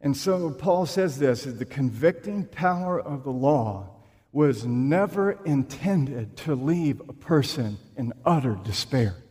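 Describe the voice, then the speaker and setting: A man preaching a sermon in a church, slow and emphatic, with dramatic pauses. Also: medium pitch, lively intonation, mellow. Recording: long reverb of a large room.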